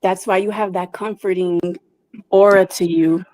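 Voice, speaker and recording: A woman from New York calling in to a live stream, halting and searching for words, grateful as she chats. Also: mid-range voice, fairly even intonation, darkish tone, no echo, low-quality recording. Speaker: caller. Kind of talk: casual call-in chat.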